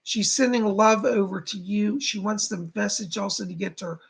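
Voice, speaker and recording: Gravelly, husky-voiced man giving readings. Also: sits high. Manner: halting, reassuring, addresses viewers directly. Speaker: psychic medium. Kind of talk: livestream psychic readings.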